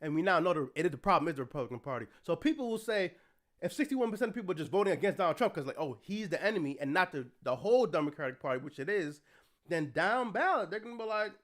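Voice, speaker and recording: Profane, indignant high-voiced man. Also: big pitch swings, quick pace. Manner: profane, indignant, rants and shouts in anger. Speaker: streamer reacting to an article. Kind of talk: heated political commentary stream.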